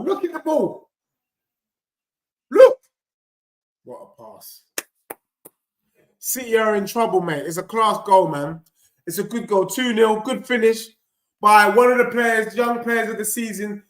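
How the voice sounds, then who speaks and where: Brief: high-pitched lad, live watchalong host, rowdy banter, roomy echo. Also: male voice, unhurried, pauses often. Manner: animated banter, shouting at goals, teasing chat. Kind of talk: live football watchalong reacting to chat.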